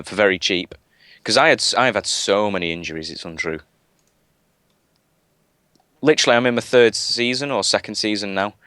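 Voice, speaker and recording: A man's voice: deep voice, fairly bright tone, clean tone, dry recording. A man chatting casually on a gaming live stream, rambling with lots of fillers and restarts. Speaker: guest gamer.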